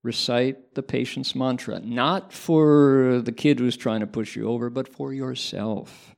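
A man voicing an old male Buddhist master with a gravelly voice, calm, sure of himself and gently teasing. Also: medium pitch, unhurried. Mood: playful assured. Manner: bright, assured delivery with a playful edge.

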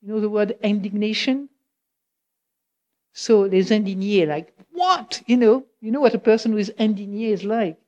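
A woman's voice: medium pitch, moderate pace, warm tone, lo-fi sound. A woman speaks English with a French accent, giving an informal Buddhist question-and-answer talk. She is chatty and laughs easily. She keeps turning to her listeners to check that they follow her. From France.

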